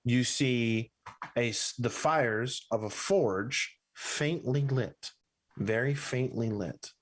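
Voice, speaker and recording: A man's voice: mid-range voice, slow. Rambling male game master narrating. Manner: rambling, self-correcting narration with many fillers.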